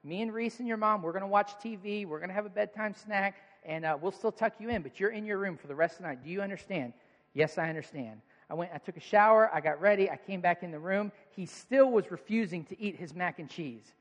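Talking fast and barely pausing, this high-voiced man in his thirties delivers a sermon as a pastor, recounting family stories earnestly and conversationally. The church auditorium holds an audience, and a long hall reverb fills the sound.

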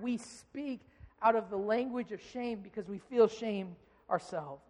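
A man's voice: high-pitched, normal speed. Pastor guy in his 30s preaching, earnest, gets worked up telling stories, big echoey church hall. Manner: earnest, builds to animated acted-out anger in stories. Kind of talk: sermon. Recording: long reverb of a large hall.

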